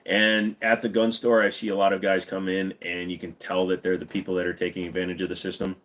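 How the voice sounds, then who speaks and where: A man in his forties from the United States hosts a livestream, answering viewer comments in a tired, blunt, profane and rambling way. His voice sits low with little pitch movement, and he talks quickly with a slightly bright tone.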